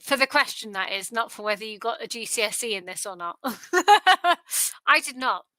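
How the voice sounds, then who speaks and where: A woman's voice: on the high side, expressive, moderate pace, bright, forceful tone, no room sound, low-quality recording. A tired woman hosting a live quiz, chatty and self-deprecating. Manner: chatty, self-deprecating, sing-song repetition. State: tired, yawning. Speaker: quiz host. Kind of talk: casual quiz livestream chat.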